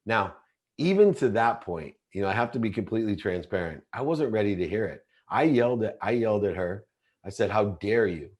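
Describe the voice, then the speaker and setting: Earnest, low-voiced man telling his story. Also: very animated, fairly quick, darkish tone. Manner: earnest, intense, often restarts mid-sentence. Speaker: podcast guest. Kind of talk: confessional storytelling in an interview.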